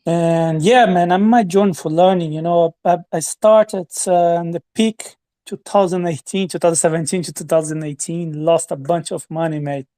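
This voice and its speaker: A man's voice: on the high side, fairly even intonation, normal speed, warm tone. A man calling in to chat, friendly and rambling. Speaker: caller. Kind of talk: casual call-in chat.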